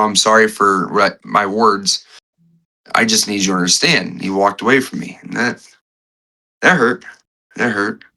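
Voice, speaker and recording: A man with a bright, forceful voice that sits fairly low, speaking as a guest on a podcast. He tells his story haltingly, restarting sentences and repeating key phrases. He sounds a little choked up. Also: poor audio. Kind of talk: emotional conversational storytelling.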